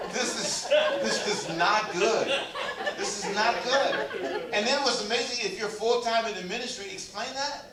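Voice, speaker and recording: A pastor preaching a humorous, exhorting sermon in a church sanctuary and drawing the congregation into call and response. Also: male voice, a little high, heavy background noise. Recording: echoey church hall, mic far off.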